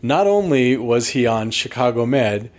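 Uomo dalla voce media, scherzoso. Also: male voice, medium pitch, lively intonation, a little slow. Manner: wry, playful banter. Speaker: podcast co-host. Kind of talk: casual chat.

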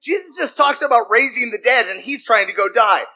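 Male preacher, conversational sermon, very expressive and bright. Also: very high voice, brisk, rough recording. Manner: animated, conversational, asks the congregation questions; swings from loud dramatic reading to soft asides.

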